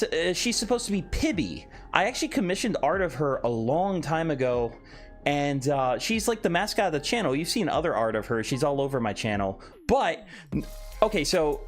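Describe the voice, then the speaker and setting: A man streaming live, chatting casually and playfully while reading out and answering his chat. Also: medium pitch. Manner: animated, reads chat aloud and answers playfully. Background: faint background music.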